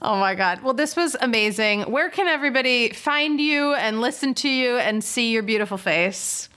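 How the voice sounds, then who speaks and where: A woman's voice: on the high side, animated, bright, forceful tone, smooth. Bubbly woman podcast host. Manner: bubbly, effusive, quick asides. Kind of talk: casual podcast chat and outro.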